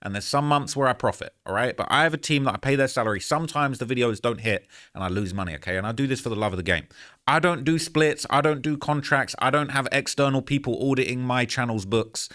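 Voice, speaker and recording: This YouTuber recounts a story to camera in a casual, rambling monologue, sounding frustrated but earnest and often dropping "man" and "bro." His voice sits in the mid-range with a fairly bright tone, and he talks fast.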